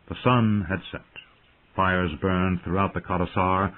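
Husky man narrating dramatically. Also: fairly low pitch. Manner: lively, dramatic reading. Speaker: audiobook narrator. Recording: tinny phone-like audio.

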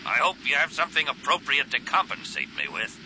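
A man voicing a gruff, sardonic older male smuggler captain in an audiobook, growling his lines. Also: on the high side, sing-song, fairly quick, sharp tone, slight background noise, pitched above the performer's own voice, heavily acted, low-quality recording.

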